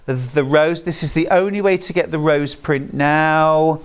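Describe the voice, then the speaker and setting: Gushing British shopping channel presenter. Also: female voice, sits low, steady tone, unhurried, clear, resonant tone. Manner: gushing, enthusiastic. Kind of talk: live selling patter. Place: TV studio.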